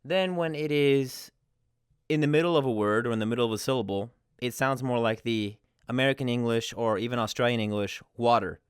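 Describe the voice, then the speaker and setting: Smooth-voiced man teaching a lesson. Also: medium pitch, a little fast, dry recording, studio quality. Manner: friendly, explains step by step with examples. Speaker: language teacher. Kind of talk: casual explanatory lesson.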